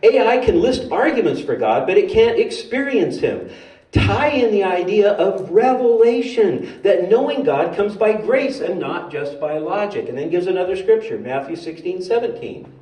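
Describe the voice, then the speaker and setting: A male preacher telling a story in a sermon, in an animated, conversational way, in a church sanctuary. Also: high-pitched, normal speed. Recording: roomy hall from far off.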